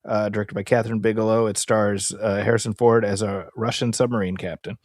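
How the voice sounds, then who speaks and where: Animated male movie podcast co-host. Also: on the low side, brisk, dry recording, studio quality. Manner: animated, quotes people in put-on voices. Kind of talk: casual movie podcast chat.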